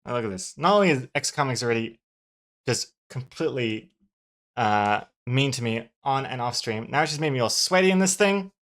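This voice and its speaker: A man's voice: mid-range voice, animated, normal speed, a bit bright. A man streaming as a comic artist, joking around in a mock self-pitying way with his partner. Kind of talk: casual stream banter.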